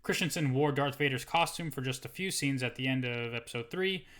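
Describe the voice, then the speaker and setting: A man co-hosting a podcast, reading entertainment news aloud between casual banter. His voice is bright and forceful, with a playful, profane manner. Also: medium pitch, brisk. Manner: swears freely, playful. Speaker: podcast co-host.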